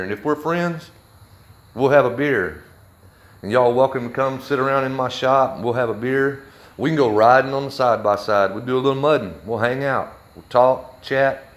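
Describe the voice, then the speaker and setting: A man ranting heatedly on a livestream from his workshop, blunt and forceful. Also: mid-range voice, normal speed. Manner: heated, blunt, with a Southern drawl of words. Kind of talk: angry live video rant.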